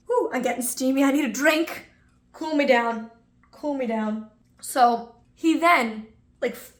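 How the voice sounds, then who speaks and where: A woman's voice: sits high, fairly bright tone, echoey room. A young woman vlogger telling a personal story in a casual, chatty way, full of asides to her viewers.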